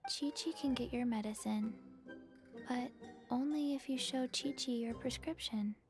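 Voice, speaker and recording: A woman voicing a small deadpan zombie girl who works at a pharmacy and speaks in a flat monotone, calling herself by name. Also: on the high side, measured pace, faint music behind.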